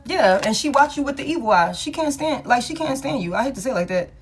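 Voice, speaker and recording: A woman's voice: high-pitched, lively intonation, fast, a little hiss or hum. A woman giving a live tarot reading to a caller, talking casually and emphatically, repeating her points and swearing freely. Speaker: tarot reader.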